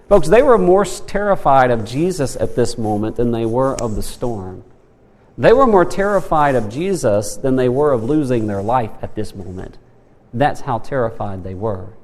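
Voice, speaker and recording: A man's voice: mid-range voice, normal speed. A man teaching a Sunday school Bible lesson, asking the class questions and acting out quotes. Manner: animated, asks the class questions, acts out quotes. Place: church room. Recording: long hall reverb.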